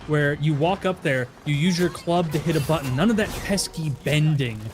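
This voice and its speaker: A man's voice: on the high side, normal speed, background noise. A young adult man hosting a podcast, chatting casually and rambling with lots of fillers. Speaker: podcast host. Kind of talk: casual chat.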